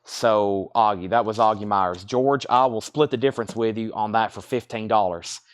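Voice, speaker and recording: A man with a Southern US accent, hosting a live-stream vinyl sale, reading off bids and describing records in a brisk, chatty way. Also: on the low side. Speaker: live auction seller.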